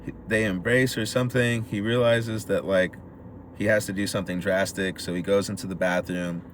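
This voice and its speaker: A man with a deep voice and an ordinary speaking speed co-hosts a podcast, giving a laid-back movie recap. He voices the characters' lines in animated fashion, with slight noise in the background.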